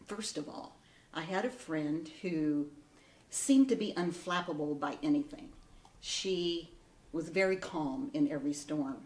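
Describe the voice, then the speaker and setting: A woman giving gentle, encouraging advice to young graduates in a storytelling manner. Her voice sits a little low and reaches the mic from some distance in an echoey room. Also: measured pace. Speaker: ceremony speaker. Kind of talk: heartfelt advice speech.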